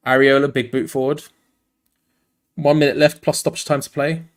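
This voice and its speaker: A man's voice: a little high, little pitch movement, moderate pace. Tired man doing fan match commentary. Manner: rambling and frank, cutting between play-by-play and asides. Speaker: host of a fan channel watch-along. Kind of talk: live fan match commentary with casual chat.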